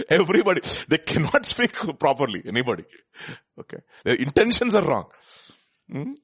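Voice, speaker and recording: A man's voice: a little high, huge pitch swings, moderate pace, a bit bright, breathy edge. A man preaching a sermon, reading scripture aloud, asking his listeners questions and laughing often.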